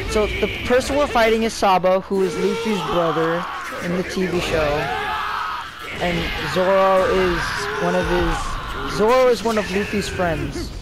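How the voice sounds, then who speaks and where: A young man giving casual, rambling commentary while playing a fighting game, getting excited and shouting at the game. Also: high voice, normal speed, loud music behind the voice. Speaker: gameplay commentator.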